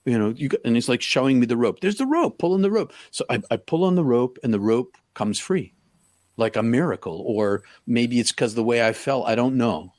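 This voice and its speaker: A middle-aged man telling a personal story in an interview, talking haltingly with many restarts. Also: medium pitch, no room sound, studio quality. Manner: halting, full of restarts, acts out quoted lines loudly. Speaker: podcast guest.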